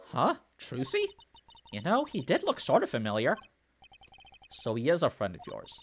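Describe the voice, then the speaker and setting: A man's voice: medium pitch, wildly swooping pitch, moderate pace, long pauses, a bit bright, a little hiss or hum. A man playing through a story game, reading the characters' lines in his own voice and breaking off to joke and theorize. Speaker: let's play commentator. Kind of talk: game playthrough reading dialogue aloud.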